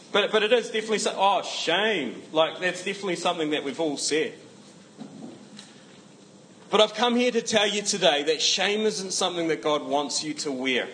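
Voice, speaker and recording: A man's voice: on the high side, a bit bright, slight background noise, rough recording. A man preaching a casual sermon, joking asides and emphatic repetition.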